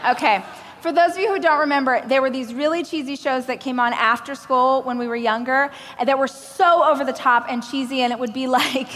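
A woman from Oklahoma giving a keynote on stage, telling a self-mocking story in an animated way and acting out the voices of other people. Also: sits high, a little fast. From Oklahoma, United States. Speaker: motivational speaker giving a keynote. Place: large hall at a live event. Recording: live hall with long reverb, faint noise.

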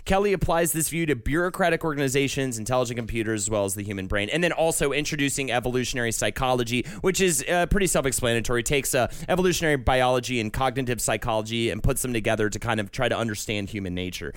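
A man's voice: mid-range voice, fast talker, few pauses, clear, resonant tone, dry recording. A young man co-hosting a podcast, chatting loosely and explaining ideas with lots of fillers. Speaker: podcast co-host. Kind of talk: casual chat.

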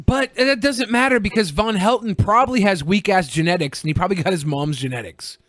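Podcast host guy, sarcastic and self-mocking, kinda high voice, dry sound. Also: brisk, fairly bright tone, no echo. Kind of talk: casual comedic banter.

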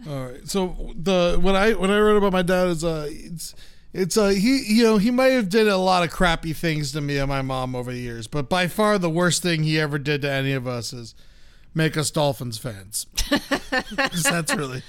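A man's voice: fairly high pitch, normal speed, clean tone. A man co-hosting a podcast, telling comic stories with frequent laughter. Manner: laughs often, loud animated voices when quoting. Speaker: podcast co-host. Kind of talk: casual comedic storytelling.

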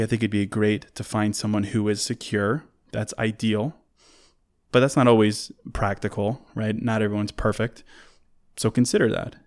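A man hosting a solo relationship advice talk, conversational and earnest, who repeats words as he restarts and works through a list of points. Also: fairly low pitch.

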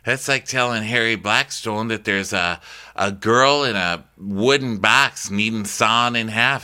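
A man's voice: on the low side, pushed and bright. A man co-hosting a podcast, recapping a reality show in gossipy, playful chat. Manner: gossipy, playful, quick to laugh. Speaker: podcast co-host.

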